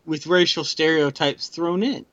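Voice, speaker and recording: A man's voice: a little high, measured pace, fairly bright tone, lo-fi sound. A man co-hosting a podcast, chatting casually and teasing with jokes. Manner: joking, teasing. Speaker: podcast co-host. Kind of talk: casual chat.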